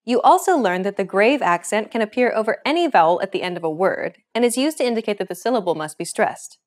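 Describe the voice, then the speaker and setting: A woman hosting a scripted language lesson, explaining grammar points in a clear, explanatory teaching delivery. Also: mid-range voice, expressive, fast.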